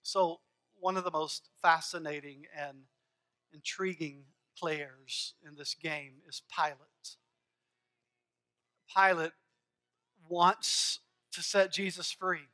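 A man's voice: fairly high pitch, fairly even intonation, takes it slowly, long pauses, bright, forceful tone. A man preaching a sermon as pastor, earnest and emphatic, building his points through rhythmic repeated phrases.

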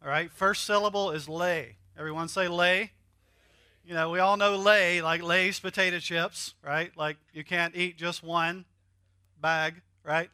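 A man's voice: high-pitched, fairly even intonation, measured pace, sharp tone, clear, resonant tone, dry recording, studio quality. A man with a Southern US accent preaching a sermon, joking with the congregation and having them repeat words after him. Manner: joking, teaching with call-and-repeat. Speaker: pastor.

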